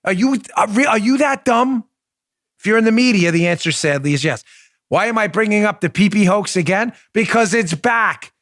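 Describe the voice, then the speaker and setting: A man's voice: expressive, normal speed, a bit bright, no room sound. A man hosting a political commentary show, combative and mocking, talking emphatically into a close studio mic. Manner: does a high silly impression voice in bursts. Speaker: host.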